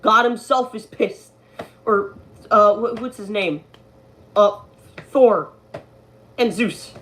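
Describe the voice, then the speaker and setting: A woman's voice: mid-range voice, slow pace, a bit bright. A woman streaming at home, ranting angrily about her own delayed series, swearing often and stumbling over restarts. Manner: profane, exasperated, stammering restarts. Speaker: creator of an online animated series, streaming. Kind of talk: angry live-stream rant.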